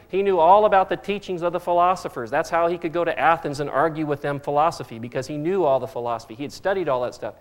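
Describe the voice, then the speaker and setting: A middle-aged man preaching a sermon as pastor, earnest and fond of repeating phrases for emphasis. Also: on the high side.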